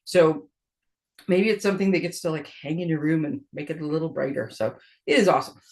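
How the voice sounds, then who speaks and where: A woman's voice: deep voice, brisk, a little mellow. A middle-aged woman chats as the host of a paper crafting show. She talks in a rambling, friendly flow, restarting her sentences and laughing between them. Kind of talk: casual chat.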